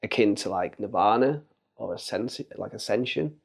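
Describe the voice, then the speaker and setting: A man hosting a podcast, chatting casually about spirituality in a slangy, animated way. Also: fairly low pitch, moderate pace, gravelly, slightly rough. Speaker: podcast host.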